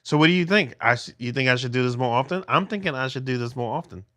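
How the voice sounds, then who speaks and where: A man's voice: mid-range voice, fast, a bit bright, no echo. A middle-aged man livestreaming from a phone held in his hand at home, chatting with viewers in a rambling way with many restarts. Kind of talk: casual livestream chat with viewers.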